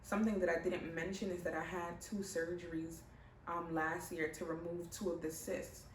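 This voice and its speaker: A young pregnant woman telling her own story in a casual, animated way, putting on other people's voices as she goes. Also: lowish voice, normal speed, a little hiss or hum. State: heavily pregnant. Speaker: vlogger. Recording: roomy, mic at a distance, faint ambience.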